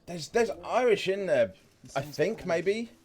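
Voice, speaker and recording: A lively man with a slightly high voice that leaps up and down as he reacts. He thinks out loud, curses freely, and bursts into exclamations in casual reaction commentary. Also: a little slow. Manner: excitable, swears a lot, thinks out loud. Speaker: reaction video host.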